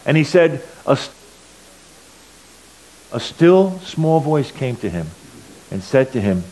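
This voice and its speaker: A man's voice: mid-range voice, big pitch swings, slow pace, long pauses, rough recording. Earnest man telling a church testimony. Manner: earnest storytelling, swings between loud and quiet. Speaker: church speaker giving a testimony. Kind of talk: sermon testimony.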